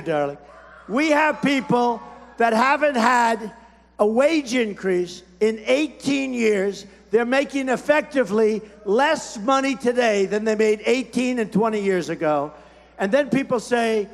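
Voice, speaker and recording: A man in his seventies giving a campaign speech at a rally, in short, repetitive, boastful phrases. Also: extremely high pitch. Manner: repetitive, punchy, boastful, shouting over a crowd. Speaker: political candidate at a rally. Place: large rally hall. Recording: long hall reverb from a big arena.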